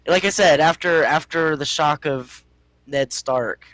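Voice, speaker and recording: A man's voice: fairly high pitch, a little slow, a bit bright, no room sound, poor audio. A man on a podcast, making wry, dryly humorous remarks. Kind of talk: casual chat.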